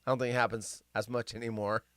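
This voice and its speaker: A man's voice: medium pitch, little pitch movement, fast, fairly bright tone, dry recording, studio quality. A man hosting a live stream, reading news stories aloud and ranting about them in a rambling, sarcastic way that keeps going off on tangents. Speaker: livestream host.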